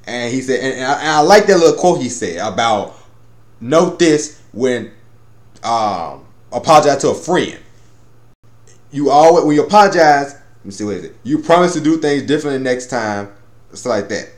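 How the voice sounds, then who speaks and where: A man rambles through an episode review, cursing as he goes and slipping into the characters' lines. His voice leaps up and down in pitch. The room around him gives off a noticeable echo. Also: lively intonation, moderate pace. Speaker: anime reviewer.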